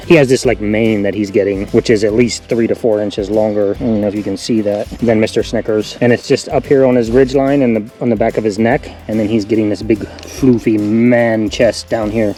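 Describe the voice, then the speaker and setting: A man's voice: on the low side, fairly even intonation, fairly quick, hardly any pauses, mellow, faint music behind. A man hosting a casual farm vlog, chatty and affectionate with his goats. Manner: chatty, affectionate with the animals, laughs easily. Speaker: goat farmer and channel host.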